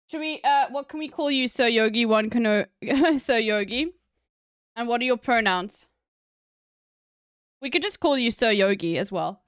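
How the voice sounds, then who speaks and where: A woman's voice: a little high, animated, normal speed, long pauses, clear, resonant tone, no room sound, studio quality. Rambling woman streamer chatting. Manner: rambling, with many fillers. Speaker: streamer and voice actor. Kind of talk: casual live-stream chat.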